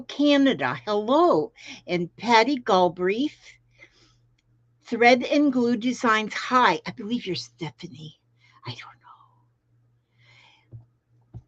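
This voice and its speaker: A middle-aged Florida woman with a slightly high voice rambles in folksy, casual chat while hosting a crafting live stream from home, greeting viewers by name. The stream audio is dull, lo-fi, and dry.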